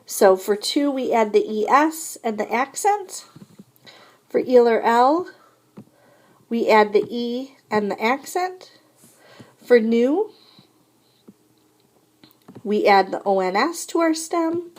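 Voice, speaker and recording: A woman's voice: a little high, lively intonation, slow, long pauses. A woman teaching French in a recorded lesson, explaining verb endings patiently and modeling each conjugation aloud.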